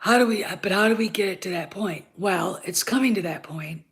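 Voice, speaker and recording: Still congested as she recovers from covid, a woman with a mid-range voice speaks fairly quickly on her own channel. As host, she lays out heated opinions bluntly and with plenty of profanity.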